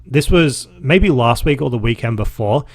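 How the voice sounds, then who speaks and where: A man's voice: mid-range voice, lively intonation, normal speed. An Australian man in his thirties hosting a casual solo podcast, chatty and swearing freely as he recaps his week. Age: 30s. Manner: chatty and profane, with laughs. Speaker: podcast host.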